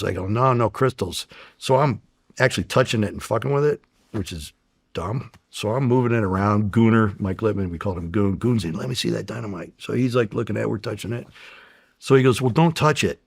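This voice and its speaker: A middle-aged American man with a fairly low voice tells undercover stories in a loose, profane way, jumping into other people's voices as he goes. The sound is close and dry, with no room around it. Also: brisk, creaky, slightly rough, dry recording. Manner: profane, animated storyteller acting out dialogue. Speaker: former undercover federal agent, guest. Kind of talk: casual storytelling interview.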